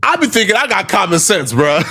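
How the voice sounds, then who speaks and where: Lively man explaining with swinging pitch. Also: normal speed, slightly rough. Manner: animated, explains step by step, breaks into laughter. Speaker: commentator. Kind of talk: explanatory commentary.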